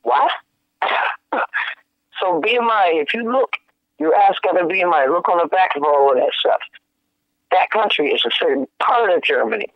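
Guest musician, male, high voice, animated storyteller, tinny phone-like sound. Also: normal speed, vocal fry, long pauses, dry recording. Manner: animated, laughing, slangy and profane. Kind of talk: casual storytelling chat.

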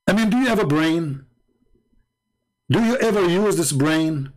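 A man's voice: a little high, animated, measured pace. Sarcastic man hosting a live stream. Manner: sarcastic, scornful rhetorical questioning; broken, non-standard English grammar. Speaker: livestream host. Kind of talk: mocking live-stream commentary.

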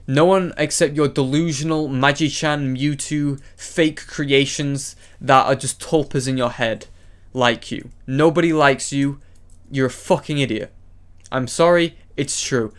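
Male vlogger, mid-range pitch, angry direct-address monologue full of profanity and repeated insults. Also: clean tone. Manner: furious, profane, repetitive insults with brief apologetic asides. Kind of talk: angry ranting monologue addressed to one person.

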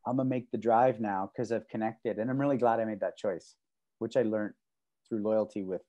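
On a video call, this podcast co-host trades stories on a casual martial arts show, bursting into loud, high voices when acting out quotes. The recording has its high frequencies cut off.

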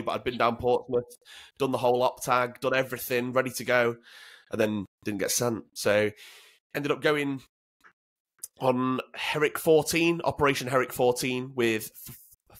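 This is a casual interview in which the guest, a former commando from the north of England, tells candid, profane stories. He speaks in a mid-range, somewhat bright voice and frequently repeats words at the start of what he says.

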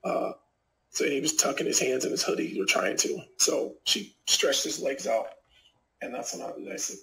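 A man's voice: medium pitch, lively intonation, moderate pace, creaky, pushed and bright, a little hiss or hum. A middle-aged man, a professional fighter, tells a personal story in a casual interview and rambles with many fillers. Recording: echoey room.

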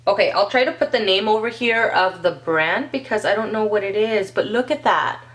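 A woman vlogger unboxes nail polish, gushing excitedly and speaking straight to her viewers in a casual way. Her voice is mid-range, her pace moderate, and the audio quality is poor.

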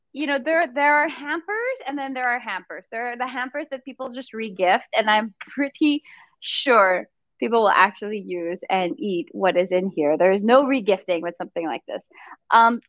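A woman's voice: a little high, moderate pace, dry recording, highs cut off. A woman chatting casually and enthusiastically about food and a holiday gift hamper. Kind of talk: casual video-call chat.

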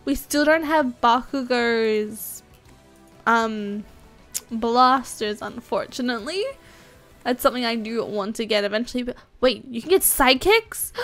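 A young woman casually commenting on her gameplay, excitable and chatty, often squealing with surprise. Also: on the high side, slow. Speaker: gaming YouTuber. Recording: faint game music behind.

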